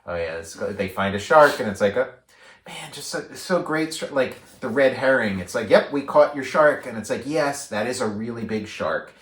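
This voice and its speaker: A man's voice: mid-range voice, lively intonation, moderate pace, a bit bright, distant mic. A man co-hosting a casual film review chat, talking in a loose, rambling way full of fillers and restarts. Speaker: podcast co-host. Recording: roomy sound, a bit off the mic.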